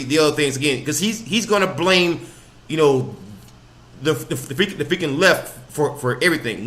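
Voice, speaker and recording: Lively high-voiced mocking male host. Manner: laughing, mocking, profane. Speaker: podcast host. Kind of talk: live reaction commentary.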